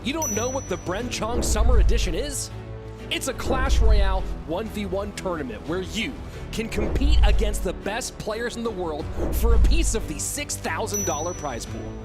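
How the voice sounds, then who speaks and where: A man's voice: high-pitched, animated, moderate pace. A man giving an upbeat, scripted narration for a tournament promo video. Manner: upbeat announcer read. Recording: narration over loud music. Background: loud music.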